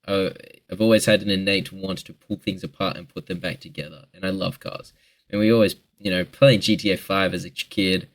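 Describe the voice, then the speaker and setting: A twenty-year-old Australian man answering viewer questions in a rambling, joking casual chat, swearing freely. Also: low-pitched.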